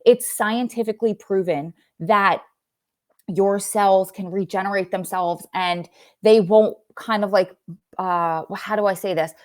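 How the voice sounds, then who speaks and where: A woman's voice: mid-range voice, unhurried, a little mellow. Young woman rambling on a livestream, chatty, loses her point sometimes. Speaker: livestream host. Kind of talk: casual livestream chat.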